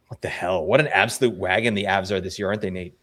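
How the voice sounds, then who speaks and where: A man co-hosting a fantasy hockey podcast, chatting casually in an animated, joking, rambling way. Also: sits low, fast talker. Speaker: co-host.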